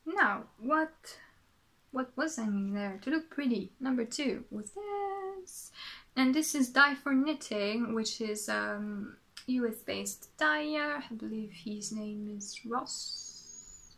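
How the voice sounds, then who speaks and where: Slow-talking French woman, chatty and rambling. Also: a little high, a bit bright. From France. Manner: chatty, rambling, self-correcting, with asides to herself. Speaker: knitting podcast host. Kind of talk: casual show-and-tell chat.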